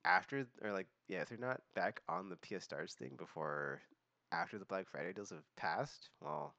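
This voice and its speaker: A man's voice: low voice, creaky, sharp tone, no room sound, lo-fi sound. A young man hosting a casual monthly vlog, rambling with many fillers and restarts. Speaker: vlog host.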